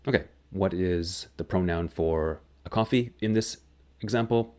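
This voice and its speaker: Slow low-voiced male teacher. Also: darkish tone. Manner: slow, clear, deliberate explanation. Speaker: English teacher. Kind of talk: grammar lesson.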